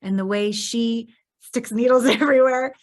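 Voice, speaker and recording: Expressive woman podcast host. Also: fairly high pitch, normal speed. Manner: expressive, acts out her own reactions in animated bursts. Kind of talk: candid conversational interview.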